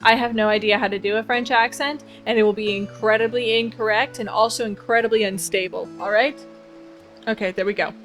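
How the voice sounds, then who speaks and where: A woman playing a cozy video game and chatting excitedly, bubbly and self-mocking. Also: a little high, a little fast, faint music behind. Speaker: let's play host. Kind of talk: casual game commentary.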